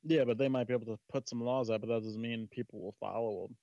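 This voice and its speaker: A man's voice: mid-range voice, steady tone, fast, dark tone, no room sound, lo-fi sound. A man in a casual online panel chat, talking bluntly and with plenty of swearing. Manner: brash, profane, blunt. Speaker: stream co-host.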